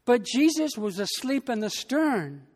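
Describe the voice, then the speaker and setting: Pastor giving a sermon, slow and emphatic, mid-pitched voice, lots of reverb. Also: sing-song, a little mellow. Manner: slow, emphatic preaching with long pauses.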